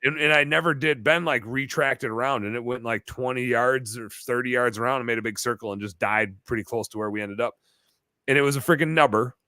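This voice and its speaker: A man telling a long story as a podcast guest, animated and full of fillers in casual chat. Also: medium pitch, brisk, no echo. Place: bar-themed podcast set.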